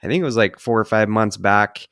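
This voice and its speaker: Male podcast host, relaxed upbeat intro, smooth low voice. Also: brisk, no echo, clean studio sound. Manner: upbeat, loose, with fillers.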